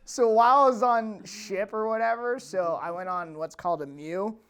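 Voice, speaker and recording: A man's voice: sits high, normal speed, a bit bright, clean tone. A man in his twenties, a former Marine co-hosting a podcast, telling a story between bursts of laughter. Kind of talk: casual podcast chat.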